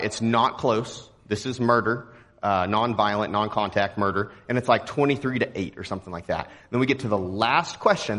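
A young man from Texas preaching a sermon in a relaxed, joking, conversational way. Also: medium pitch. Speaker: pastor.

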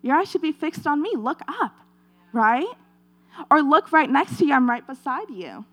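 A woman's voice: high-pitched, very animated, normal speed, a bit bright. A woman giving an earnest devotional talk, retelling a scripture story in a conversational preaching style and repeating her points.

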